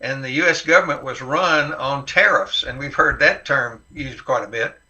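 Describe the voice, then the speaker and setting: Folksy older man, bright tense voice. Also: medium pitch, moderate pace, dull audio. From Tennessee. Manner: folksy, wry storytelling. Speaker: guest, historic site caretaker. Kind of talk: interview answers.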